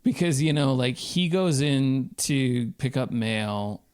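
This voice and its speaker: A man's voice: medium pitch, expressive, takes it slowly, darkish tone, clear, resonant tone. A man co-hosting a podcast, chatting casually about a film, swearing freely and sounding amused and emphatic. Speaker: podcast co-host. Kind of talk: casual movie discussion.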